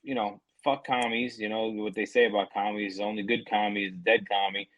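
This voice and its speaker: A man co-hosting a podcast over a remote call, talking in a profane, animated way and mocking other people's voices. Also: fairly low pitch, brisk, no echo, rough recording. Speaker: podcast co-host. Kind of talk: casual heated chat.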